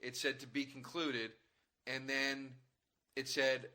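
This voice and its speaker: A man's voice: medium pitch, level tone, slow pace, sharp tone. A man, a comedian co-hosting a casual chat, telling profane stories and acting out other people. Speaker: comedian co-host.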